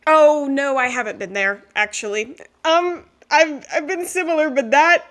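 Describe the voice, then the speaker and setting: Female podcast host, bright tone, animated storytelling, laughs a lot. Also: high-pitched, moderate pace. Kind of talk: casual interview chat.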